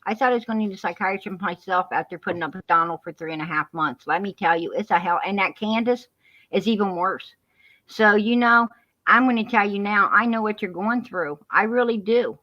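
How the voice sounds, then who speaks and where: A woman's voice: mid-range voice, a little fast. A woman speaking on a heated live stream, preachy and repetitive, calling people hon and sweetheart. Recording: muffled lo-fi live-stream audio.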